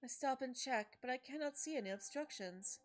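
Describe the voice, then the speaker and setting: A woman's voice: high-pitched, normal speed, soft background music. A woman streamer reading a game's story text aloud, stumbling and correcting herself, with asides. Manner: reads story text with frequent slips and self-corrections. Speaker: let's play streamer.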